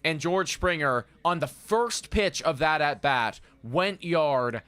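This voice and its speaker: Bright-voiced earnest male co-host. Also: a little high, lively intonation, takes it slowly, clear, resonant tone. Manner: earnest, repeats stock phrases, many fillers. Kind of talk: casual sports chat.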